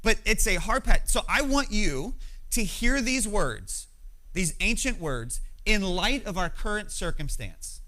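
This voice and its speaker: A man's voice: high-pitched, big pitch swings, measured pace, bright, forceful tone, low-quality recording. A pastor, a man in his thirties, giving a conversational, emphatic sermon that keeps checking in with his listeners. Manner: conversational, emphatic, frequent "right?" asides.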